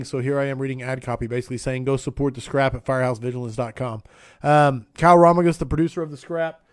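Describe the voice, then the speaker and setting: A man's voice: a little high, a little mellow, no room sound, studio quality. A man hosting a casual live interview podcast, upbeat and friendly as he introduces and banters with his guest. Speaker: podcast host.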